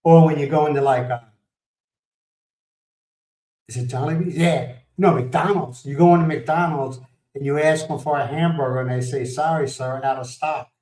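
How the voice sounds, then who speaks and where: A man's voice: fairly high pitch, normal speed, long pauses, a little mellow, echoey room, recorded from a distance, low-quality recording. A man from the United States hosting a livestream, chatting casually, telling rambling stories, laughing and greeting viewers by name. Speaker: livestream host. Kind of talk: casual chat.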